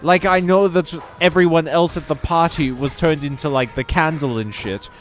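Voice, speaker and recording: A man's voice: a little high, normal speed, soft background music. A man streaming a video game, chatting casually in a rambling, joking way with some swearing. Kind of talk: casual gaming stream chat.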